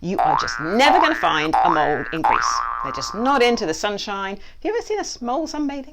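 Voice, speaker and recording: A woman's voice: medium pitch, a little fast, gravelly, hardly any pauses, a little hiss or hum. A woman hosting a playful children's quiz from her basement, joking and trying silly accents. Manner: animated, jokey, with mock accents and asides. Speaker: quiz host, children's author. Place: basement at home.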